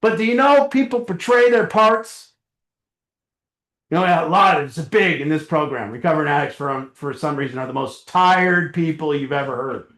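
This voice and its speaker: Speaking at a moderate pace in a reverberant meeting room, a middle-aged man with a voice on the high side and a fairly bright tone gives a relaxed motivational talk to a small recovery group, chuckling as he acts out short dialogues.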